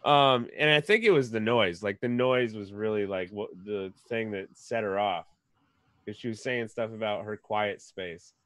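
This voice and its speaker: A man's voice: fairly low pitch, normal speed, a bit bright, no room sound. Rambling man with lots of fillers, dry. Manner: rambling, filler-heavy storytelling. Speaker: podcast guest. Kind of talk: casual chat.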